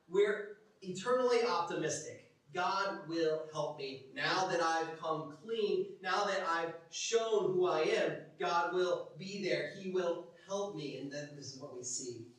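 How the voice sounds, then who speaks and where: A man preaching a sermon as pastor, telling stories animatedly, acting out quotes and dropping from loud to hushed. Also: high-pitched. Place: church. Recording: echoey church hall from far off.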